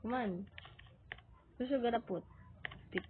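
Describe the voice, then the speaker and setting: A woman giving excitable gaming commentary while she plays, shrieking when scared and giggling. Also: on the high side, unhurried. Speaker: Roblox player. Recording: tinny lo-fi capture with noise.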